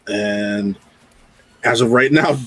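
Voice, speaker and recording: A man co-hosting a casual podcast, telling stories in an excitable way. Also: fairly low pitch, slow pace, no room sound. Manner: excitable storyteller.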